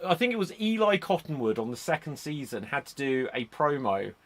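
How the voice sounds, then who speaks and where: A man's voice: medium pitch, very animated, a little fast. A man hosting a casual chat, rambling into enthusiastic tangents, speaking into a computer microphone on a remote call. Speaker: podcast host.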